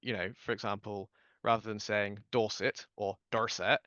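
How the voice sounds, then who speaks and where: A man with a received pronunciation accent speaks thoughtfully, pausing on "um"s, his voice bright and crisp. The recording is a little dull and lo-fi. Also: on the low side, little pitch movement, no echo. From southern England. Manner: thoughtful, hesitant, many "um"s. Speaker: podcast guest. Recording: slightly dull, lo-fi sound.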